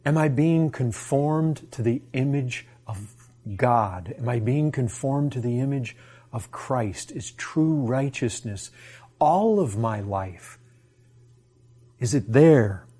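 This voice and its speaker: A man's voice: mid-range voice, expressive, slow pace, warm tone, slightly rough. A man preaching a sermon to his congregation, impassioned and full of rhetorical questions.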